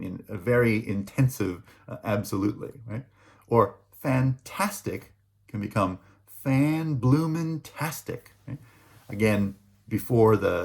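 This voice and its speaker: Low gravelly man lecturing with many ums. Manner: hesitant, many fillers and restarts, checks in with "right?". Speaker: linguistics lecturer. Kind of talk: recorded online lecture.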